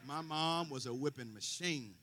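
A man's voice: on the high side, moderate pace, pushed and bright. A man preaching a sermon, quoting scripture with folksy asides and rising fervor. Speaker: pastor.

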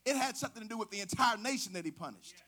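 A man preaching a sermon in a lively, conversational way, asking the congregation questions and using slang. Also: high-pitched, rapid-fire.

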